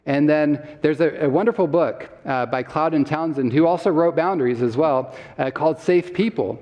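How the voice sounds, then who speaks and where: A man with a fairly high voice lectures to a live crowd. He quizzes the audience and laughs along with them. His voice rings with long reverb from a church hall. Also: normal speed, dull audio. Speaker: health summit speaker.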